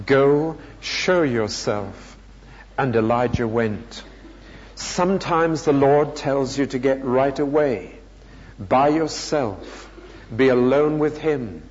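A man preaching a sermon, teaching from the Bible in a measured, emphatic way. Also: mid-range voice, a little mellow, slight background noise. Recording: lo-fi hall recording with long reverb.

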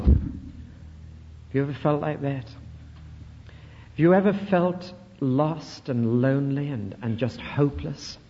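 A man's voice: medium pitch, mellow, slight background noise. A British man preaching a sermon, emphatic and fond of repeated rhetorical questions. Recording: dull recording in a reverberant hall.

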